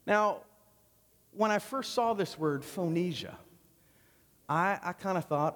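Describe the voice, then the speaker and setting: A man with a high voice gives a sermon, chatty and full of humor rather than lofty. His words ring out with a long church reverb behind them. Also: animated, slow pace, fairly bright tone. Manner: conversational and joking. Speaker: pastor. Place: church sanctuary.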